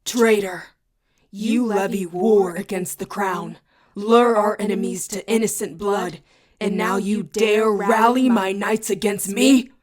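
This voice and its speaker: A woman's voice: fairly even intonation, takes it slowly. Wrathful ancient king, as a woman reader puts him on. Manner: commanding, booming proclamations. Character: ancient wrathful king speaking through a girl. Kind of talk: audiobook character voice.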